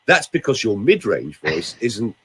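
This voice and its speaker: A man's voice: on the low side, big pitch swings, a little slow, fairly bright tone, slight background noise. An older man, a vocal coach talking in a theatrical, teasing way on a podcast. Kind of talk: casual podcast chat with voice demonstrations.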